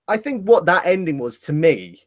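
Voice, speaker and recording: Man, podcast co-host, rambling, self-correcting, slightly high voice. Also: big pitch swings, normal speed. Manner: rambling, corrects himself mid-sentence. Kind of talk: casual wrestling podcast chat.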